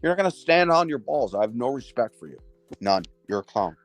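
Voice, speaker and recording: A man's voice: mid-range voice, big pitch swings, a little fast, faint music behind. Blunt, swearing male stream host. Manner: blunt, profane, scolding. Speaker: livestream host. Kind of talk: casual livestream chat.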